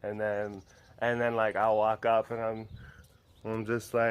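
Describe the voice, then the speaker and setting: A man's voice: on the low side, completely flat delivery, a little slow, smooth. A man working as a big cat caretaker, chatting casually and playfully to the cats and the camera, teasing them, laughing often and using baby talk. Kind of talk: casual chat to animals and camera.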